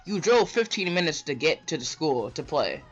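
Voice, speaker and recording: A man's voice: fairly high pitch, big pitch swings, moderate pace, a bit bright. A man ranting casually to camera, rambling and tagging his sentences with "bro" and "right?". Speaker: vlogger. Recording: dull lo-fi mic with faint music.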